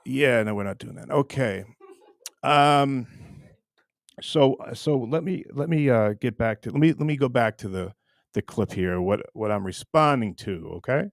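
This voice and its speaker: A man's voice: medium pitch, measured pace, creaky, dry recording, studio quality. A man hosting his own online show, ranting casually to camera in a rambling, teasing way with many restarts. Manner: rambling, repeats words and restarts often, teasing.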